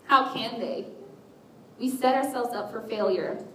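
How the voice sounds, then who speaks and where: A woman giving a candid, self-mocking personal testimony to a church group, acting out her inner voices as she speaks. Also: a little slow. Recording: roomy echo with a faint rumble, voice picked up from a distance.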